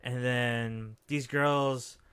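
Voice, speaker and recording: A man recapping a horror film on a podcast, talking loosely and swearing often. His voice is forceful and crisp. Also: mid-range voice, steady tone, extremely slow. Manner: profane, loose storytelling with many fillers. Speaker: podcast co-host. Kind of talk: casual horror movie recap.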